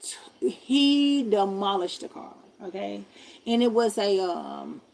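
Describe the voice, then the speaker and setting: Animated woman telling a wild story. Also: mid-range voice, takes it slowly, gravelly, a little hiss or hum. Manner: animated, slangy, addresses viewers directly. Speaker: streamer. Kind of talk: casual storytelling.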